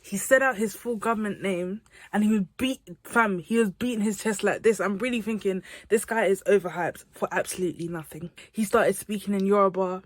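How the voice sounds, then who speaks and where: A woman's voice: mid-range voice, brisk, no room sound. A young woman telling a storytime vlog, slangy and emphatic, repeating lines for effect. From United Kingdom. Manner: animated, slangy, emphatic repetition. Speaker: vlogger.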